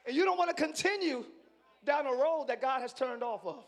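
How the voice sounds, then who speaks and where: A pastor preaching a live sermon to his congregation, excitable and playful, swinging from quiet asides to shouting and teasing the crowd. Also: extremely high pitch, a little fast. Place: large church hall.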